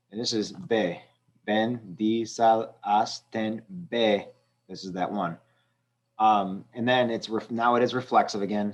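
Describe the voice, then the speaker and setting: A male teacher patiently walking students through a language exercise step by step, with frequent ums. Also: on the low side. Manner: patient, explaining step by step with fillers. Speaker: Spanish teacher. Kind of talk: screen-recorded lesson walkthrough.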